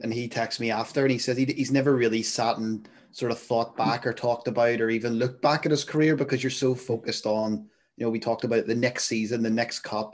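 A man hosting a podcast, asking reflective questions in a casual chatty way. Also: mid-range voice. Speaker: podcast host.

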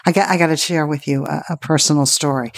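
A woman co-hosting a political chat, with a somewhat low voice recorded close and dry. She tells family stories in an animated way, acting out what others said and laughing easily. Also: fast talker, vocal fry, no room sound. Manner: animated storytelling, acts out quotes. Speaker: podcast co-host.

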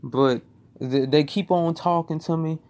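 A man's voice: fairly high pitch, steady tone, a little slow, a little mellow. A young man casually telling a personal story, swearing, rambling and repeating himself.

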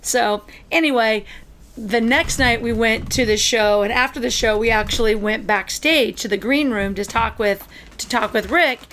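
High-ish woman's voice, chatty and animated, telling a long story on a talk show. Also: normal speed, a little hiss or hum. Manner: chatty, animated storyteller who acts out quotes. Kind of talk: casual chat, storytelling.

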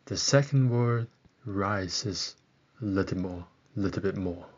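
A man from Britain teaching a beginner language lesson, saying each word slowly and pausing long for the listener to repeat. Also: low-pitched, husky, lo-fi sound. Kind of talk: slow, deliberate language lesson.

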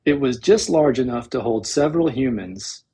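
With a mellow, expressive, medium-pitched voice that's also husky, the man reads a novel aloud for an audiobook. His narration is measured and dramatic.

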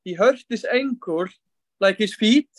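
A man with a notably high voice speaks on a video call, stumbling and restarting as he hunts for words. The sound is dry and close, with no room echo. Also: expressive. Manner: halting, searching for words, many "like"s. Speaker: caller asking a question. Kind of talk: casual chat on a video call.

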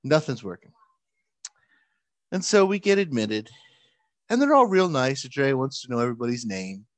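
Man in his usual mid-range voice telling a lively anecdote in conversation, doing the other people's lines, recorded dry and close. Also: medium pitch, normal speed, no echo. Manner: animated, acts out quoted voices with laughs. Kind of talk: casual storytelling chat.

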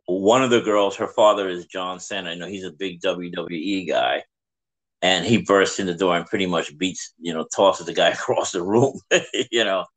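Low-voiced reflective male host. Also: normal speed, fairly bright tone, rough recording. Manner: reflective storyteller. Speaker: podcast host. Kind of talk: casual podcast conversation.

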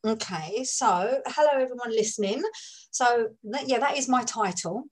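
A woman from London with a London accent, a guest on a podcast, talking about her coaching work in a chatty, relaxed way. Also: a little high, moderate pace, breathy edge. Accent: London English. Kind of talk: conversational interview.

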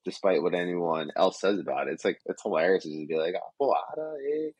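A man's voice: low-pitched, steady tone, fast talker, a little mellow, husky, no echo. A young man hosting a casual podcast, rambling and profane. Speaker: podcast host.

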